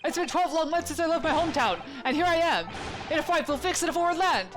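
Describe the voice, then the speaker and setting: A woman's voice: extremely high pitch, lively intonation, fast talker, voice pushed up. A woman doing a jittery, theatrical young man. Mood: effusive. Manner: theatrical, paranoid outbursts.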